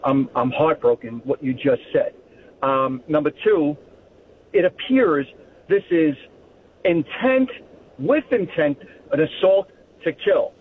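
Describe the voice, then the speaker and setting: A man calls in over a tinny phone line with faint noise. His voice sits high, and he talks earnestly, stumbling and repeating himself. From New York. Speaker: caller. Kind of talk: phone-in call.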